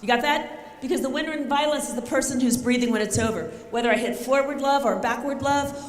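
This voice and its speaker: A middle-aged woman giving an animated, emphatic motivational talk on self-defense, joking and acting out scenes. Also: high-pitched, fast talker. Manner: emphatic, jokey, often shouting and acting out scenes. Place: large conference hall. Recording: echoey hall, faint ambience.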